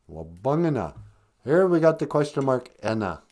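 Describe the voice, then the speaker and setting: Lively, joking man hosting a podcast. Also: medium pitch, moderate pace. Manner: joking, rambling, teaches native words offhand. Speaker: podcast host. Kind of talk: casual live-stream chat.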